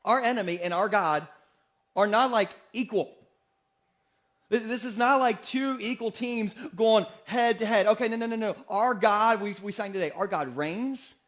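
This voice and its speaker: A man in his forties delivers an energetic sermon from the pulpit, joking freely and throwing questions out to the congregation. His voice sits high for a man, and his delivery is quick and playful. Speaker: pastor. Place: church sanctuary.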